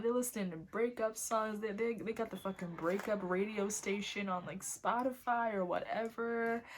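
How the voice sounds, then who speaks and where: Animated, cursing young woman tarot reader. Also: mid-range voice, slight background noise. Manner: animated, swearing, breaks into laughs and snatches of singing. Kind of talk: casual channeled tarot reading.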